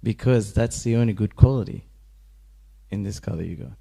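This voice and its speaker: A man's voice: lowish voice, normal speed, creaky. A man giving a casual scripture class in a temple, telling a story with lots of laughter and acted-out voices. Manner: animated storyteller, laughs often, acts out quoted voices.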